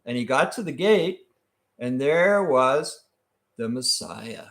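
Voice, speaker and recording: Slow, deliberate older-sounding dad. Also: male voice, on the high side, lively intonation. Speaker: host's father, co-host. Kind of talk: casual livestream chat.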